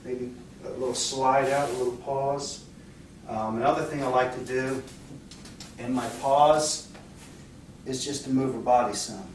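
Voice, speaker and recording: Guy teaching a dance class, halting and relaxed, big echo, off mic. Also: mid-range voice, distant mic, slight background noise. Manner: relaxed, halting, with many fillers and restarts. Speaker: dance instructor. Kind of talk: demonstrating dance moves while explaining. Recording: very echoey room, off-mic.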